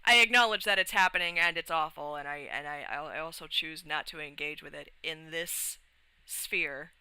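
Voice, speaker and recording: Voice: mid-range voice, moderate pace, sharp tone, clean tone, no echo, low-quality recording. A young adult livestreamer chatting casually and rambling, with frequent restarts, swearing and laughs. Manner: laughs often while talking.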